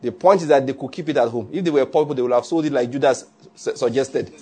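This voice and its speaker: A man's voice: medium pitch, fast talker, mellow, slight background noise. A man preaching a conversational sermon, often checking that listeners follow.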